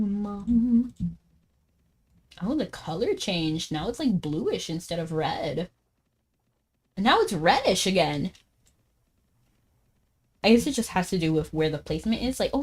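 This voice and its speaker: A woman game streamer chatting casually as she plays, talking fast, laughing often and saying "like" a lot. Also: lowish voice, darkish tone. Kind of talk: casual live-stream chat while gaming.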